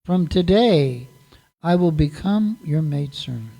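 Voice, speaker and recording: A man gives voice to a desperate mother whose child has vanished, begging and near tears. She speaks slowly, with a mellow, soft tone, each plea drawn out as she tells this devotional story. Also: on the high side, expressive, gravelly, heavily acted, rough recording. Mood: pleading. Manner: pleading, tearful speech. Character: grieving mother pleading for her lost son.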